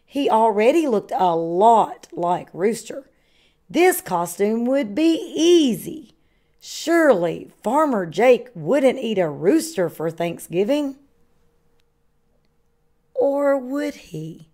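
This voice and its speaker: A woman kindergarten teacher reading a picture book aloud to children with slow, expressive storytelling. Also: a little high. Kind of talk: children's read-aloud narration.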